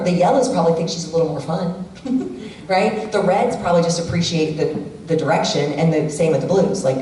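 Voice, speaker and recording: Warm-voiced middle-aged woman presenter in an echoey hall. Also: low voice. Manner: animated storyteller who acts out quoted family members. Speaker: workshop presenter. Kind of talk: community workshop talk with personal stories. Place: church hall. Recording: echoey hall from far off, faint room noise.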